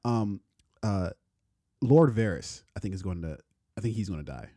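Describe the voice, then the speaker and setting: A man's voice: low voice, lively intonation, moderate pace, mellow, no echo, clean studio sound. A man co-hosting a podcast in a loose, casual chat, swearing freely and laughing often. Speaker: podcast co-host.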